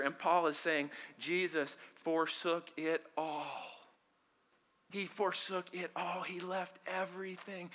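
A man delivering a sermon at a church service, his voice pitched high and ringing with a sharp, forceful edge. He drops to a hush one moment and surges to loud emphasis the next, and he calls on the congregation to answer back. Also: smooth. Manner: swings from hushed near-whispers to shouted emphasis; leads the congregation in call-and-response. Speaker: pastor.

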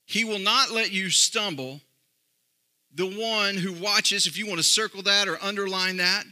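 A man's voice: fairly high pitch, pushed and bright. A middle-aged male pastor preaching a sermon, with emphatic, sung-out phrases that rise and fall.

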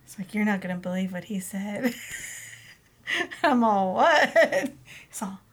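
A woman's voice: mid-range voice, animated, takes it slowly. A woman in her thirties co-hosting a podcast, chatting casually with short replies and frequent laughs. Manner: brief agreeing replies, laughs often. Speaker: podcast co-host. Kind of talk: casual chat.

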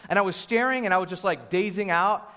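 A young adult man preaching a conversational, storytelling sermon in a lively, informal way, with a sore throat. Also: high voice, a little fast. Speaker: pastor. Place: church venue. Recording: long hall reverb.

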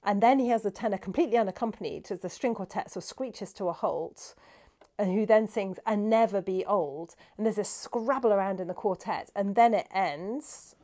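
A woman cellist and music scholar explaining a song, animated and often restarting her sentences. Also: mid-range voice, brisk.

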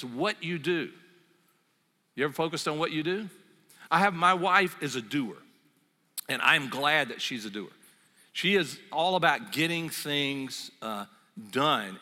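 A pastor man preaching with a somewhat high, bright, edged voice. He talks in a relaxed, storytelling way full of asides. The sound carries a long reverb from a church hall. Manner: conversational, storytelling with asides and fillers. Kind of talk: sermon.

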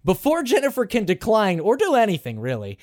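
A male podcast host recapping a game in loose, casual chat. His pitch swings widely as he swears, laughs and restarts his sentences. The sound is dry and close, with no room echo. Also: a little fast. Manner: animated, swears freely and laughs often; rambling with frequent restarts.

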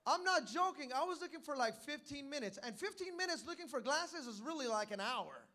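A young man preaching a sermon in a church as pastor, telling stories and calling for amens, building to loud climaxes. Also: very high voice, animated, brisk, hardly any pauses.

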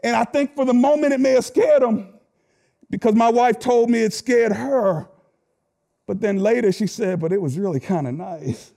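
A middle-aged man preaching a sermon, telling stories with animated delivery that swings from shouts to quiet asides. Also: very high-pitched, normal speed, vocal fry. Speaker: pastor.

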